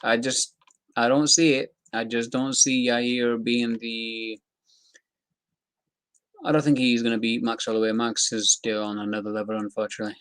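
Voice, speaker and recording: A man's voice: medium pitch, level tone, normal speed, a bit bright, smooth, dry recording. A young man giving casual, rambling commentary on fight news, talking loosely with slang and fillers.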